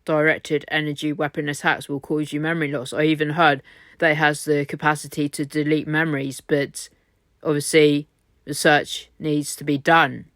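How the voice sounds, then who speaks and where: A man's voice: fairly high pitch, flat delivery, normal speed, fairly bright tone, no room sound, clean studio sound. A man in a hotel room, rambling on in an exhausted, repetitive monologue laced with swearing. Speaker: vlogger. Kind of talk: rambling self-recorded monologue.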